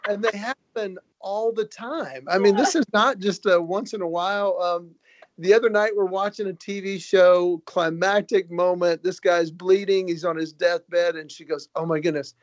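High-voiced joking man, dull lo-fi sound. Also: moderate pace, no room sound. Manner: animated, joking, quotes people in their own words. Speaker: comedian and author, guest. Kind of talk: casual storytelling. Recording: dull, lo-fi recording.

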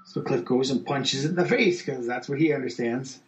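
A man co-hosting a podcast, chatting casually and reading comic book lines aloud in quick voices. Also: mid-range voice, slight background noise, low-quality recording. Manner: reads comic dialogue aloud in quick voices, laughs often. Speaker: podcast co-host recapping a comic. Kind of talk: casual chat.

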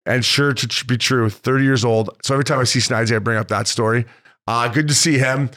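Quick-talking guy cohosting a podcast, swears a lot, acts out what people said. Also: mid-range voice. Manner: animated storytelling, swearing, acting out quotes. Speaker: podcast co-host. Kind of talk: casual chat.

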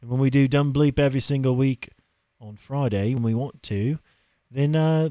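A man co-hosting a morning talk podcast, chatting casually and pitching sign-ups. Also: steady tone, moderate pace, mellow, dry recording. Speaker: podcast co-host. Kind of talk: casual promo chat.

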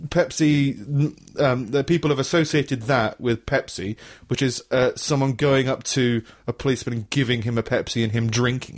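A man's voice: mid-range voice, fairly even intonation, moderate pace, few pauses. A man co-hosting a casual comedic podcast, rambling, laughing often and swearing freely. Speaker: podcast co-host.

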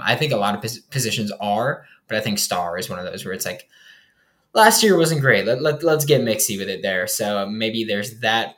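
Rambling low-voiced man talking football. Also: fairly bright tone. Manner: loose and rambling, many fillers and restarts. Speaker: sports podcast host. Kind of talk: casual football analysis.

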